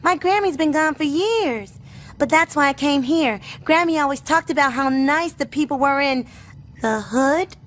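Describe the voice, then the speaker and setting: An actress voicing a polite, slightly posh young girl in an animated sitcom. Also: sits high, normal speed. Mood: sweet. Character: sweet, prim young homeless girl from uptown.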